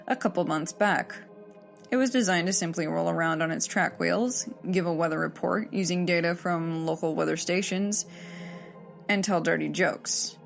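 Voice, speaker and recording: A woman reading a horror story aloud in a steady, measured storytelling manner. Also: on the low side, creaky. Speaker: story narrator.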